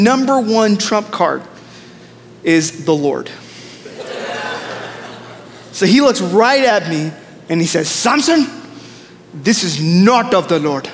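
Male pastor, high voice, storytelling sermon, lively asides, long church reverb, faint room noise. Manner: storytelling, animated with asides to the congregation.

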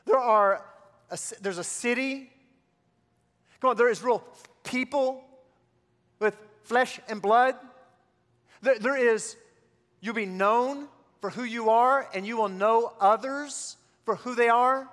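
A man's voice: extremely high pitch, takes it slowly, long pauses, fairly bright tone, in a large hall. A man preaching a sermon as pastor, building to call-and-response refrains.

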